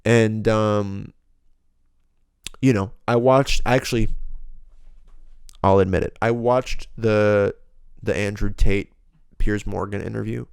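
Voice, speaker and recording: A man's voice: lowish voice, fairly even intonation, slow, vocal fry, long pauses, darkish tone, smooth, no echo, studio quality. A young man hosting a solo podcast, ranting bluntly and profanely in a rambling, casual way. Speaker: podcast host.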